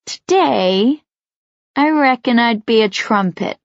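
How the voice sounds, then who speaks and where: A woman voicing a cheerful, easygoing teenage boy who talks in a relaxed, playful way. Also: a little high, slow, no echo. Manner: relaxed, playful, gently reassuring. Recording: dry, slightly dull studio sound.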